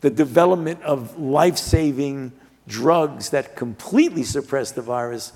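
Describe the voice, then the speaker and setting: An older man, a physician and author, telling his story earnestly in a measured way, often restarting his sentences, during an interview on stage before a live audience. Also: medium pitch, a little mellow. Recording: reverberant hall.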